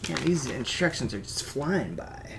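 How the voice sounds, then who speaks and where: A man's voice: medium pitch, sing-song, measured pace, vocal fry, a bit bright, a little hiss or hum. Rambling, swearing young man talking to himself. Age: 20s. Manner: mutters and swears to himself, jokey asides. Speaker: vlogger building a toy kit. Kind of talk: rambling casual monologue. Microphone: desk microphone.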